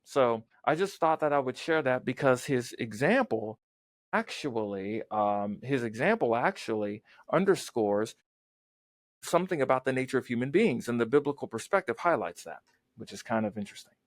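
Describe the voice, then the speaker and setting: A man's voice: medium pitch, animated, normal speed, dry recording. A man hosting a podcast, commenting earnestly and reading scripture aloud, often repeating words as he thinks. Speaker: podcast host.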